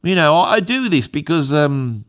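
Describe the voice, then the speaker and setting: A man's voice: fairly high pitch, very animated, normal speed, fairly bright tone. A middle-aged English man talking off the cuff in a rambling, self-mocking vlog. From England. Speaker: YouTuber, musician. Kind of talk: rambling unscripted vlog monologue.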